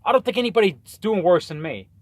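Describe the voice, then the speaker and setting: A man's voice: sits high, animated, quick pace, no room sound. A man casually ranting and rambling through his weekly football picks, swearing often and tripping over his words. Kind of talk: casual rant. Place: in a truck on the road.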